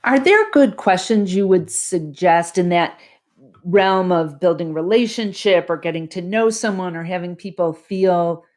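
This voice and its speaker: A woman's voice: fairly low pitch, measured pace, a little mellow. A woman hosting an interview, asking thoughtful, carefully phrased questions. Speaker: host.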